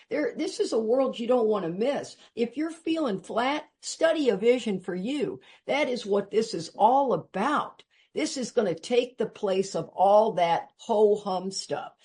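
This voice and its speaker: An older woman from Texas with a Texan accent, giving an earnest, emphatic personal share at a recovery meeting. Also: darkish tone. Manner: earnest and emphatic, rising in pitch when urging listeners.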